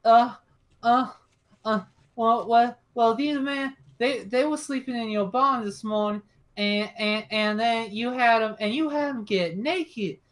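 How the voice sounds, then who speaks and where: A woman voicing a frightened, tearful Southern boy who stammers and rambles in a high voice. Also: measured pace, lightly acted. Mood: rambling.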